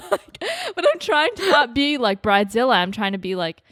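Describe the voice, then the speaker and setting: Very animated, she talks at a moderate pace with almost no pauses, her fairly high voice a bit bright. The studio sound is clean with no room tone as this young podcast co-host recounts her wedding, full of laughs and "like" fillers.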